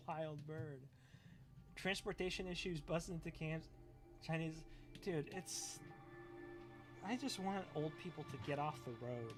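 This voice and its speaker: A man's voice: a little high, measured pace, long pauses, over music. A young man streaming live, reacting to clips in a profane, ranting, scoffing way.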